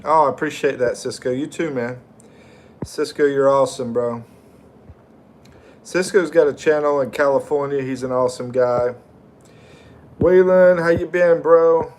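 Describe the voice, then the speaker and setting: A middle-aged American man chats slowly and easily on a livestream, greeting viewers by name as he reads their comments. His voice sits at an ordinary pitch, with faint ambient noise in the background. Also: darkish tone. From United States. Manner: slow, friendly, reads viewer names aloud. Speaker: livestream host. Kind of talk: casual livestream chat reading comments.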